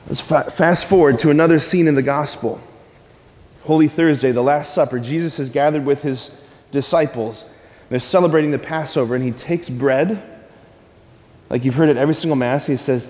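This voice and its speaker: Guy preaching a sermon, fairly high voice, keeps repeating lines and getting the room to say them back, big echoey church hall. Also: animated, normal speed, a little mellow. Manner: repeats key phrases and leads call-and-response; spells out words letter by letter. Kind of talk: sermon to a congregation. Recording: long hall reverb.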